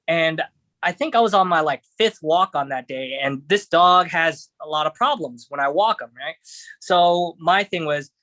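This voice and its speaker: A man's voice: a little high, moderate pace, bright, forceful tone, dry recording. A man talking as a podcast guest, telling a story casually with many fillers and restarts. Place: podcast studio.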